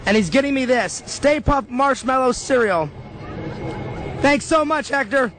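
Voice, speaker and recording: A man vlogging at a comic convention, goofy and over-the-top, shouting a catchphrase and giving shout-outs. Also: very high voice, expressive, measured pace. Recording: noisy convention crowd around.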